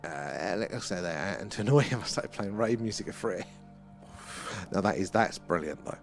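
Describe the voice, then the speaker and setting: A man's voice: deep voice, expressive, moderate pace, vocal fry, soft background music. A British man hosting a live sky-watching stream, chatting casually, answering viewer comments and laughing often. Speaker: livestream host.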